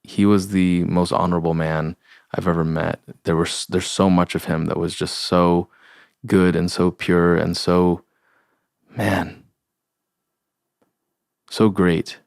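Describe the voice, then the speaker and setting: A young adult man hosting a podcast, talking in an earnest, heartfelt and halting way. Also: low-pitched, flat delivery, creaky, darkish tone, no room sound, clean studio sound. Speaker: podcast host. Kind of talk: solo reflective podcast talk.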